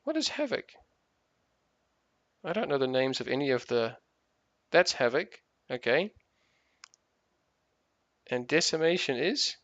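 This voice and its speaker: A married man chats casually while he plays, rambling from one thought to the next and swearing freely. His voice is gravelly with a bright, forceful edge. The recording is dry and a little dull, like a lo-fi mic. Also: mid-range voice, very animated, a little slow, pauses often, dry recording. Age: adult, married for years. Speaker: gaming streamer. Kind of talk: casual chat while playing.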